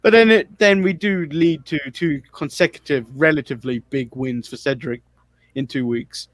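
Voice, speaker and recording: A man's voice: on the high side, normal speed, no echo. A man hosting a wrestling podcast in casual chat, leading the recap with wry, critical remarks.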